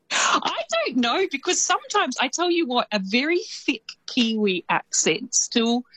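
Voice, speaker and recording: A woman with an Australian accent reporting as a radio correspondent, chatty and lively and quick to laugh. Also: high-pitched, husky, no echo, low-quality recording. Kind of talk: casual radio chat.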